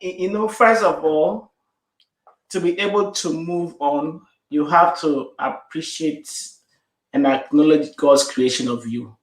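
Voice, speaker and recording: A woman's voice: low-pitched, unhurried, reverberant. A middle-aged woman speaking as an interview guest in an emphatic, repetitive, affirming way. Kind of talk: interview conversation.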